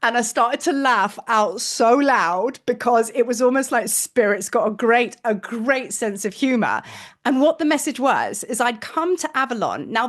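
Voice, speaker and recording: A woman, a spiritual teacher telling a personal story to camera in an excitable, effusive way. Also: a little high. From England, near Glastonbury.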